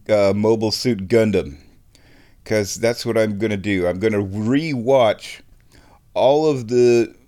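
A man in a casual comic vlog rant, sarcastic and animated, jumping to high exclamations. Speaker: vlogger.

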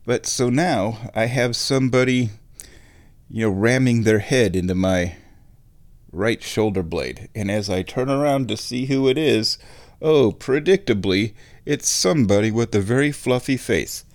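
A man chatting casually on his stream, meandering and correcting himself, and sometimes talking to his cat in a high baby voice. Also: measured pace. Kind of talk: casual rambling chat.

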